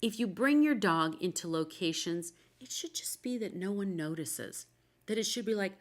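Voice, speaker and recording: A woman's voice: medium pitch, expressive, normal speed. A woman hosting a talk show about dogs, chatting casually and telling anecdotes with quoted dialogue. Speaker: podcast host, dog expert.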